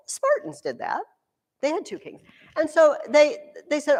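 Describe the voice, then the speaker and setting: A woman teacher giving a classroom history lesson, telling the story in an animated, joking way. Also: high-pitched, unhurried, creaky. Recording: echoey room with long reverb.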